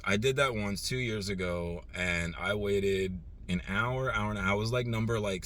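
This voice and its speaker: Parked in an airport lot, a tired rideshare driver talks casually to the camera, rambling, swearing, and getting heated and animated when he rants. His voice is lowish, with a little hiss or hum.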